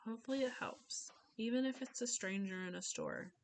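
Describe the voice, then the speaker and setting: A woman's voice: fairly high pitch, a little fast, gravelly, a little hiss or hum. A young woman giving an informal class speech, chatty, often acting out little conversations in voices.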